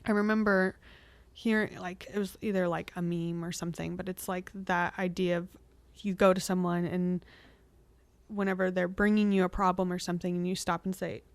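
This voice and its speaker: A woman co-hosting a podcast, talking candidly and reflectively with frequent restarts and soft laughs. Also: lowish voice, level tone, moderate pace, no room sound. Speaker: podcast co-host. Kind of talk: candid conversational podcast chat.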